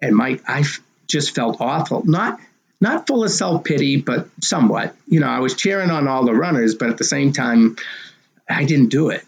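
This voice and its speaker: A man in his sixties, a race director telling his story in an interview in an animated way and acting out the dialogue. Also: mid-range voice, moderate pace, gravelly, husky, rough recording.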